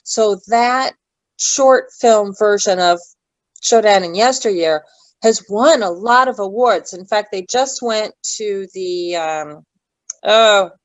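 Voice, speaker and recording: A talkative woman guest speaks in a relaxed interview, drifting from one point to the next. Her voice sits at a middle pitch. It is recorded close and dry, with no room sound. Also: slow, no room sound, poor audio. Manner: chatty and digressive, loses her thread. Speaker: actress guest. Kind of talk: casual interview chat.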